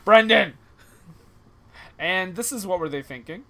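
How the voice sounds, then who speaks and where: A man hosting a comedy podcast, easygoing and quick to laugh as he introduces a guest. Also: sits high, sharp tone. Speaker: podcast host.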